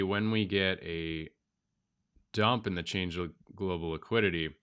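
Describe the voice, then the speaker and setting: Brief: male host, head cold, nasal, low voice with a bright, clean tone, chatty chart walkthrough. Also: smooth. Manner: thinks aloud, chatty and informal with frequent ums. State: has a cold. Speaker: crypto astrology channel host.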